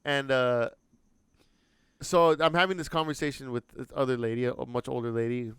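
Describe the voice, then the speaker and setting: A man co-hosting a podcast, telling a story in casual chat, animated and swearing freely. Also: mid-range voice, normal speed, smooth, dry recording, studio quality. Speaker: podcast co-host.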